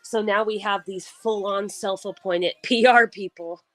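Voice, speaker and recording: A woman hosts a casual livestream, chatting loosely with plenty of restarts and frequent laughs. Her voice sits at an ordinary pitch for a woman. The sound is dry and close, with no room in it. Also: fairly even intonation, unhurried, no echo. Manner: laughs often, rambling with restarts. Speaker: livestream host.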